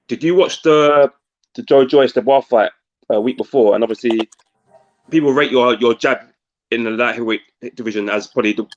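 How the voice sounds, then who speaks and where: Co-host guy asking long winding questions, bit muffled lo-fi audio. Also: mid-range voice. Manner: rambling questions with self-corrections. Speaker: podcast co-host. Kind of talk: casual interview questions.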